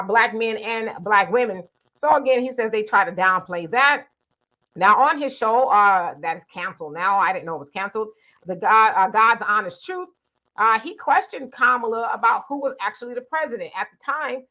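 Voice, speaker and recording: A woman with a bright, forward voice, pitched a little high, hosting a live discussion. She talks loosely and conversationally, drops in fillers and quotes people in quick asides. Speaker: host. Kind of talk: casual political commentary.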